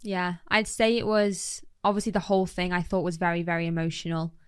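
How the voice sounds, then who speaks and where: Young woman, podcast guest, chatty and animated, dry close sound. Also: lowish voice, a little fast, clean tone, no room sound. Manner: chatty, animated, lots of fillers. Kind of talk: casual storytelling chat.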